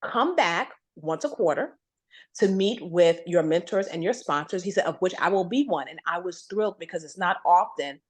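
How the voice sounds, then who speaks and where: A woman guest telling a long career story in a conversation, acting out what others said to her with big jumps in pitch. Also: normal speed. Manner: animated, acts out quoted voices with big pitch jumps.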